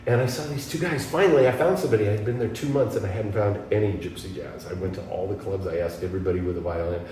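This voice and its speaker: A man from the United States, a guest guitarist, telling animated stories in an interview and acting out the voices of people he quotes. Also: on the low side, very fast. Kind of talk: storytelling interview. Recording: echoey room from a distance, faint background noise.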